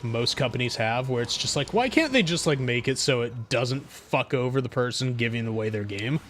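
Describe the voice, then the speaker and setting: A young man streaming a game and ranting to chat, profane and quick to anger. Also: mid-range voice, a bit bright, slight background noise. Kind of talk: casual gaming stream chat.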